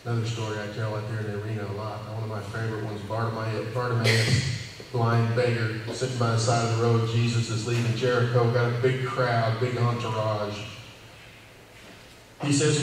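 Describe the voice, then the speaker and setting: Recorded from far off in a reverberant church hall with faint ambience and slight background noise, a cowboy church preacher delivers an easygoing, folksy informal sermon and repeats lines to drive them home. His voice is fairly low, with little pitch movement and a moderate pace.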